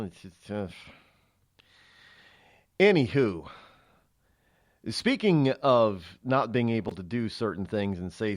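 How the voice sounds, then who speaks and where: Animated male talk radio host. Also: fairly low pitch, no echo, clean studio sound. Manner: rambling, opinionated, conversational.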